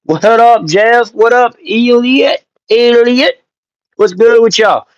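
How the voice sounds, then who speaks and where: A man hosting a casual live stream, greeting chat viewers by name and telling stories in an animated, joking way with some swearing. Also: very high-pitched, takes it slowly, no room sound, dull audio. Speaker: livestream host.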